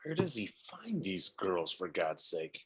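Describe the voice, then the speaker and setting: A man's voice: a little high, sing-song, unhurried, a bit bright, heavily acted. A man reading the part of Foggy, a sarcastic male lawyer partner, in an amateur script table read. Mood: incredulous. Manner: sarcastic, incredulous quips.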